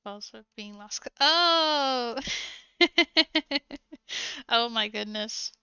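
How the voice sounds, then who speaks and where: A woman with a high, bright voice chats casually while she paints on a live stream, taking her time and giggling as she rambles through a story. The audio is dry and a little dull and lo-fi. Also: animated, drawn-out words, clear, resonant tone, no echo. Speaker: art streamer.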